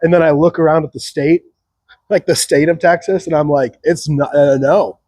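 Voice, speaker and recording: A man's voice: a little high, fairly even intonation, a little fast, a little mellow, no echo. A man hosting a solo opinion show, rambling sarcastically with frequent chuckles. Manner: sarcastic, chuckling, mocks others in put-on voices. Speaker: podcast host.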